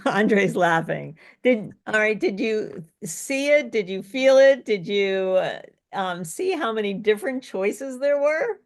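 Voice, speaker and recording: A woman's voice: medium pitch, expressive, slow pace, no echo, clean studio sound. A woman speech coach leading an online workshop, chatty and friendly, with frequent ums. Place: online video session.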